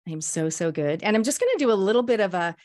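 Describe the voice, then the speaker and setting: Woman, show host, effusive, enthusiastic, mid-pitched voice. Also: expressive, quick pace, a little mellow. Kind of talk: casual interview hosting.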